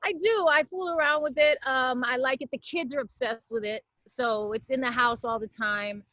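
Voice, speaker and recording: A woman's voice: sits high, moderate pace, no room sound, low-quality recording. A woman guest chatting casually on a talk show from home, telling stories with lots of laughter. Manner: animated storyteller, laughs often. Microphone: video call from home.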